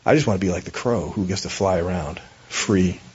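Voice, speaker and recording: A man's voice: low voice, a little fast, a little mellow, husky, dull audio, voice pushed down. A man voicing a peacock kept in a zoo who ruefully longs to fly free. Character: caged peacock longing for freedom.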